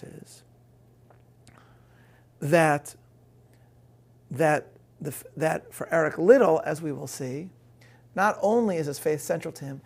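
A man's voice: a little high, gravelly, husky. A man giving a prepared talk on faith to an audience, earnest and building emphasis, with a few self-deprecating asides.

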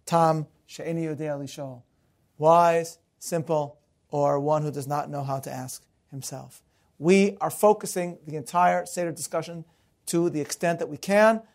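A man's voice: on the high side, gravelly. A middle-aged man lecturing as a rabbi, earnest and mixing stories with humor. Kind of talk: recorded lecture.

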